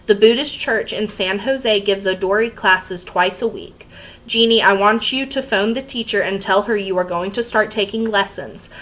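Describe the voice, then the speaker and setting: A gentle mother who speaks quietly and patiently to calm her angry husband, read by a woman reading a novel aloud. Her voice is soft and steady, close to an ordinary reading voice. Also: mid-range voice, moderate pace, lightly acted, rough recording. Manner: quiet, soothing.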